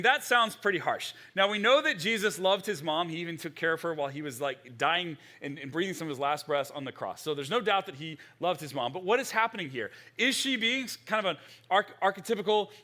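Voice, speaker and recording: A middle-aged male pastor preaching a sermon in a conversational, animated way, with frequent restarts. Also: on the high side.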